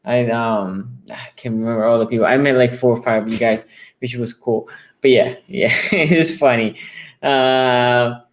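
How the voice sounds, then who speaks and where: A male sports talk host chatting casually with his viewers, his voice sitting at an ordinary middle pitch. He rambles, doubles back on his words and reads comments out before answering. When a story grabs him, his voice jumps up high with excitement. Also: normal speed. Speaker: sports talk show host taking callers. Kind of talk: casual fan chat on a sports show.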